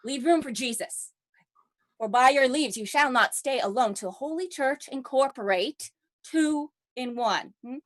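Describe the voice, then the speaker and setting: Woman as a kindly old friar, slow and measured, light high voice. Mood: counseling. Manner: slow, measured, with playful asides. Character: wise, joking old male friar.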